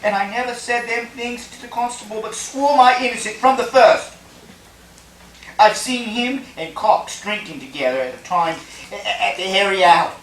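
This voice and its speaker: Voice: mid-range voice, normal speed, a bit bright, lightly acted. A performer at a table read, playing a working man who pleads his innocence in court. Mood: pleading. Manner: earnest, pleading. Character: accused workman pleading innocence. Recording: echoey room, mic far off, faint noise.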